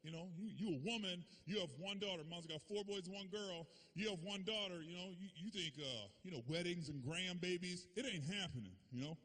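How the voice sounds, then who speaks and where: A man's voice: sits high, brisk, few pauses, a bit bright. A male comedian doing a stand-up routine on a comedy club stage, talking loosely and filling his lines with "man" and "you know.".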